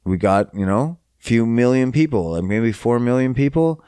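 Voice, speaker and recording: A man's voice: mid-range voice, lively intonation, moderate pace, mellow, clear, resonant tone, dry recording. A young man from Canada hosting a podcast, ranting in a profane, exasperated and mocking way. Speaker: podcast host. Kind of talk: casual solo rant.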